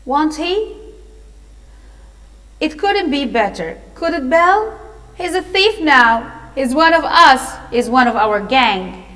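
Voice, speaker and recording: Fagin is a sly old villain who mocks his victims with falsely soothing words, as a woman acts him out. He speaks high and slow in a storybook reading. The room rings with echo. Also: animated, fairly bright tone, full character voice. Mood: gloating. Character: cruel sly old male gang leader.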